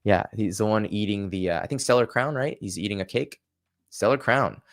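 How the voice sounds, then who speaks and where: Man, low voice, casual livestream host, chatty, thinks out loud, restarts sentences. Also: fairly quick. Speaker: channel host.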